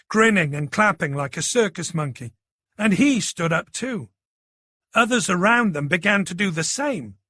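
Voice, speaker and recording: A man's voice: fairly high pitch, fairly bright tone, dry recording, clean studio sound. A man narrating a thriller audiobook in a dramatic, tense manner.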